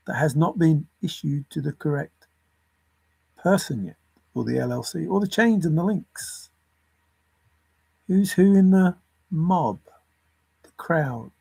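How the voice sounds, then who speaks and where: A man with a slightly high, gravelly, husky voice talks slowly to himself, reeling off word lists and chuckling. The sound is dry and close, with no room around it. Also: lively intonation, a little mellow, no room sound. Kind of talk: rambling solo puzzle musing.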